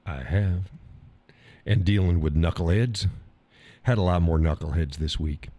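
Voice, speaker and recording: A man's voice: low-pitched, measured pace, mellow, no echo. A man hosting a casual live stream, joking in a folksy way, reading viewers' comments aloud and laughing often.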